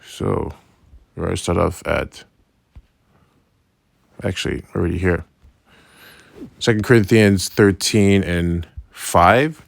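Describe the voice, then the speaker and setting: A man with a lowish voice gives a relaxed Bible lesson, reading verses and then explaining them in loose, slangy talk. He keeps asking "right?" as he goes, and the recording is dry and close. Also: slow pace, creaky, long pauses, no room sound. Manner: slangy, loose phrasing with restarts. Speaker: religious teacher.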